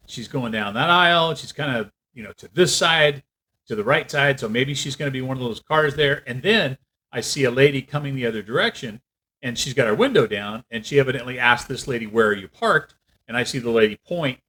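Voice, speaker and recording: A man telling a story in a casual rant, animated and acting out what other people said. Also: mid-range voice, husky, rough recording. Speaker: vlogger.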